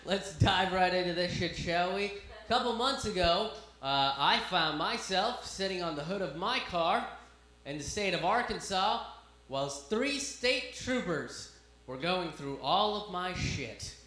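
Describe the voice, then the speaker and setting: A man's voice: sits high, animated, measured pace, pushed and bright. A man opening a stand-up set in a casual, wry way. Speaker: stand-up comedian. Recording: echoey room, noisy.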